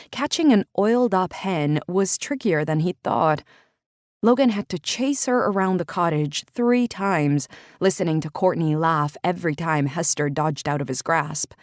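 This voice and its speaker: Low-voiced woman narrating romance. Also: a little mellow, no echo, clean studio sound. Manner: measured, intimate storytelling. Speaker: audiobook narrator.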